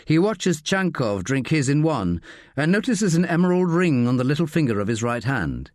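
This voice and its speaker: A man narrating a crime audiobook in measured, scripted storytelling on a close studio mic. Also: on the high side, very animated, no echo.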